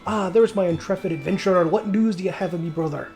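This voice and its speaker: A man voicing a gruff male dwarf clansman in a put-on Scottish accent, booming and a little stumbling. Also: quick pace, darkish tone, soft background music. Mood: hearty.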